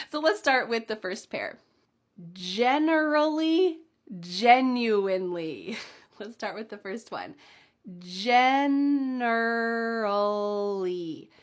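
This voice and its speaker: A young adult woman teaching English pronunciation, slowly sounding out model words and sentences for learners to repeat, with small laughs between them. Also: a little high. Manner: slow, drawn-out model words with light laughs. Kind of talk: pronunciation lesson.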